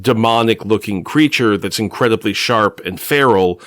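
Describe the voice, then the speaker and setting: A man co-hosting a casual comic-book podcast, sarcastic and jokey, with quick asides. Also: on the low side, dry recording, clean studio sound. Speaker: podcast co-host.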